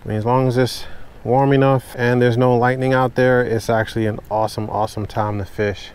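A man filming his own fishing trip from a kayak in pouring rain, chatting casually to viewers and getting excited whenever a fish bites. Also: medium pitch, brisk, clear, resonant tone. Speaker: fishing vlogger. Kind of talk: casual on-the-water commentary. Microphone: camera mounted on the kayak.

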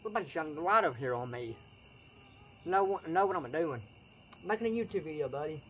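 Jittery ghost-hunting vlogger, lively pitch. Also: fast talker, slight background noise. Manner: nervous, repeats phrases, addresses viewers as guys. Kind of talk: casual vlog narration. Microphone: camera on a tripod.

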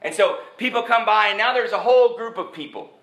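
A man preaching a sermon, animated and joking, who jumps from point to point. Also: high-pitched, a little fast. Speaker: pastor. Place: church sanctuary. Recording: echoey church sanctuary.

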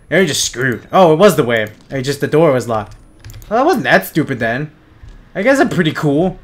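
A man's voice: on the high side, sing-song, moderate pace, pauses often. A young man doing let's play commentary, joking, swearing and yelping when startled. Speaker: gamer.

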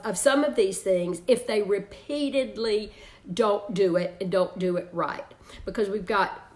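A woman teaching an online parenting class, chatty, laughing often and reading out viewers' comments. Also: mid-range voice.

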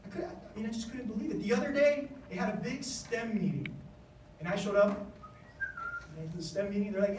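A man giving a conference speech as an education official, telling stories in a lively way and acting out the voices he quotes. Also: high-pitched, brisk, echoey room, recorded from a distance, noisy background. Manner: animated storytelling, acts out quoted voices. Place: conference hall.

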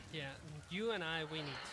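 A godlike watermelon in a video game, oddly relaxed and offhand, with a higher voice. Clear hiss runs under the sound. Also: male voice, unhurried. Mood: laid-back. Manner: casual, offhand, a bit awkward. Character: laid-back supreme watermelon being, male.

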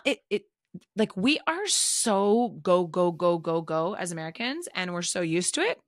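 A woman's voice: fairly low pitch, expressive, a little slow, no room sound, clean studio sound. A woman chatting casually on a podcast, digressive and full of "like" fillers. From Southern California. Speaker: teacher and podcast regular.

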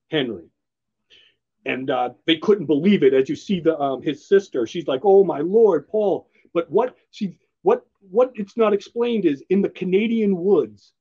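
Husky high-voiced man gushing about comics. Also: dark tone, dull audio. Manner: enthusiastic, rambling, laughs often. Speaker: podcast co-host presenting a comic. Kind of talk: casual comic book chat.

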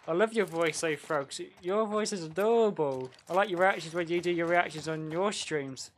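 A man talks his way through a video game stream in a loose, chatty manner. His voice sits a bit high for a man, and he laughs easily and reacts loudly to surprises. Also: normal speed, few pauses. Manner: excitable, chatty, laughs often, mild slang. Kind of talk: casual game-stream commentary.

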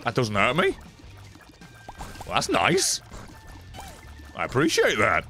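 Excitable swearing gaming streamer. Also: male voice, mid-range voice, slow. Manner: swears a lot, jokey and excitable. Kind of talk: casual gameplay commentary. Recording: game music behind.

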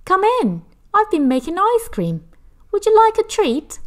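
A woman voicing a cheerful, generous female neighbour in a storybook, with a high sing-song welcome. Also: wildly swooping pitch, a little slow, full character voice. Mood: welcoming.

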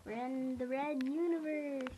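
A woman's voice: sits high, steady tone, unhurried. A young girl directing what to do next in a home video, a bit bossy. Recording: noisy home recording.

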